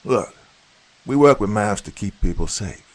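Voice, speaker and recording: A man's voice: fairly low pitch, expressive, unhurried. A man voicing a stern, no-nonsense middle-aged mother who gives curt commands.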